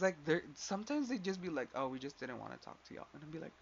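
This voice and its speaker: A man's voice: fairly high pitch, big pitch swings, fast, creaky, few pauses. A young man telling a personal story in a casual rant, rambling with lots of filler and swearing as he quotes others. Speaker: podcast host. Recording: dull lo-fi sound with faint background noise.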